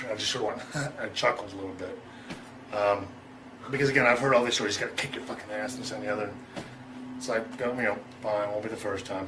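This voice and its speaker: A man's voice: mid-range voice, sharp tone, a little hiss or hum, poor audio. A middle-aged man telling a story in an interview, loose and profane, chuckling and acting out both sides of an argument. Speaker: interview guest.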